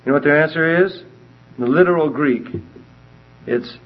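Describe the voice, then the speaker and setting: A man giving a verse-by-verse Bible teaching, emphatic and animated as he reads scripture aloud and explains it. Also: fairly high pitch, normal speed. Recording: dull lo-fi recording.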